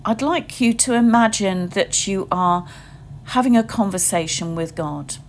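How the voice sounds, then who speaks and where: A woman giving a reflective sermon, leading listeners through a gentle guided imagining in short, meditative phrases. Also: medium pitch, unhurried, a little hiss or hum. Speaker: preacher.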